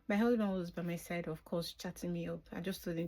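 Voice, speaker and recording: Speaking fast with hardly any pauses, this middle-aged woman recounts her birth story off the cuff for her vlog. Her voice is lowish and somewhat dark, the intonation fairly even, and her emotion shows as she falls to a whisper at tender points.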